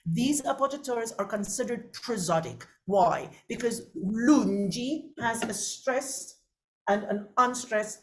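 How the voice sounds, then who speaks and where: A woman coaching singers in a masterclass, lively and chatty with quick asides to her students. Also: mid-range voice. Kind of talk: masterclass teaching.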